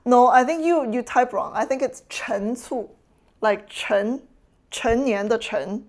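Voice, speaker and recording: Chatty higher-voiced woman streamer. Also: a little slow. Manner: chatty, teasing, laughs often. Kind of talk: casual cooking stream chat.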